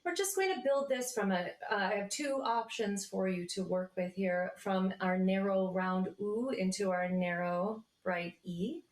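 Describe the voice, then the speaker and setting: Woman coaching a vocal warm-up. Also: medium pitch, measured pace, few pauses, reverberant. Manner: relaxed, reassuring coaching with sung demonstrations. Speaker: choir voice teacher.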